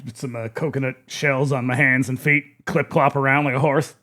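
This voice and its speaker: A man's voice: medium pitch, level tone, normal speed, sharp tone. A man co-hosting a podcast in casual chat, blunt and sardonic, throwing in joking asides. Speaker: podcast co-host.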